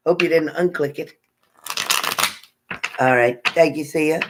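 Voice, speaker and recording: A woman's voice: low voice, unhurried, pauses often, background noise. A woman tarot reader chatting casually on a live stream, reading out viewers' names and sometimes stumbling over them.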